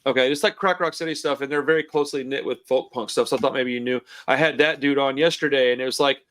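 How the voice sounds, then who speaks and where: A man's voice: mid-range voice, fast, a bit bright. A man in his forties hosting a podcast, chatting in a laid-back, rambling, profane way over a computer call. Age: 40s. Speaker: podcast host. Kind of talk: casual podcast chat. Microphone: computer call mic.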